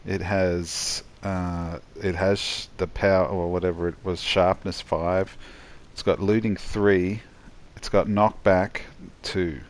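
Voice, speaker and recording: A tired man giving a rambling, halting voice-over commentary on his own gameplay, yawning as he goes. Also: low-pitched, level tone. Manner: rambling, halting, many restarts and fillers.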